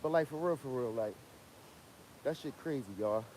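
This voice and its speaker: A man's voice: mid-range voice, normal speed, a little mellow, slight background noise, rough recording. A young man, ranting bluntly and profanely in a casual livestream, coughing from a cold. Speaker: livestream host.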